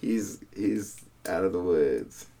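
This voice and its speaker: Animated laughing man telling stories. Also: low-pitched, slow, vocal fry, slight background noise. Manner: animated storyteller, laughs a lot, acts out voices. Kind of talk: casual chat.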